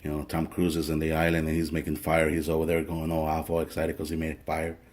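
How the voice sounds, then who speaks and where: Male practitioner, low voice, casual joking tutorial delivery with occasional swearing. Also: completely flat delivery, quick pace, a little mellow. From family from El Salvador. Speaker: spiritual practitioner teaching a ritual.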